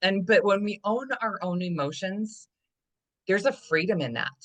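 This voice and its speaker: A woman guest on a podcast, a body trust coach, telling stories in a lively way and acting out what people said. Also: mid-range voice, normal speed. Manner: animated storytelling, acting out dialogue. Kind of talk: casual podcast conversation.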